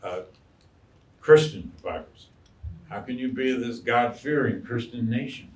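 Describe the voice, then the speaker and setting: A man, a historian and biographer, answering audience questions in an animated, storytelling way and acting out quotes. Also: medium pitch. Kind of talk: lecture Q&A answer. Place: lecture hall. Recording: echoey room, mic far off.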